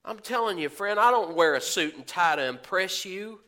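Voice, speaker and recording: Male pastor, folksy sermon delivery, higher bright voice, acts out quoted voices. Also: lively intonation, normal speed. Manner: folksy, preaching with rhetorical questions and asides.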